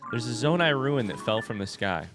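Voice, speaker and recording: A man hosting a let's play, giving excitable and self-mocking commentary as he plays. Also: mid-range voice, a little fast, over music. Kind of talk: gameplay commentary.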